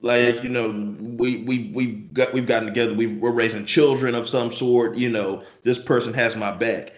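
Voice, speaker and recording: A man's voice: medium pitch, steady tone, normal speed, echoey room, dull audio. A man co-hosting a casual podcast chat, rambling through hypotheticals and repeating his words. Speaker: podcast co-host.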